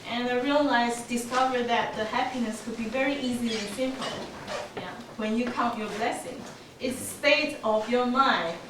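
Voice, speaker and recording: Woman in her 40s, club storyteller; higher voice, lively and laughing, noisy recording. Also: moderate pace. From Taiwan. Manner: laughs often, lively telling with small grammar slips. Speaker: club speaker. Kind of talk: prepared storytelling speech. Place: meeting room. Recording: echoey room from far off, noisy.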